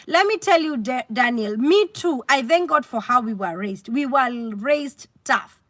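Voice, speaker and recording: A woman with a Kenyan accent hosting a casual livestream, chatty and animated, reading out comments and mixing in Swahili. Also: sits high, a little slow, no room sound, clean studio sound. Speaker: livestream host.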